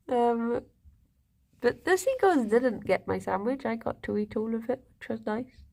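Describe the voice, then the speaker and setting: A woman's voice: on the high side, lively intonation, takes it slowly, vocal fry, long pauses. A young woman streaming live, chatting casually with viewers and rambling to her pet rabbits. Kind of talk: casual chat reading viewer comments.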